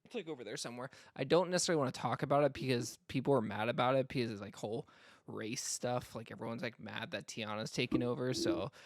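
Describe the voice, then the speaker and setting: A man's voice: medium pitch, fast. A man from North Florida co-hosting a podcast, talking in a rambling casual way full of fillers. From North Florida, US South. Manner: rambling, many fillers and restarts. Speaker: podcast co-host. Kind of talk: casual chat.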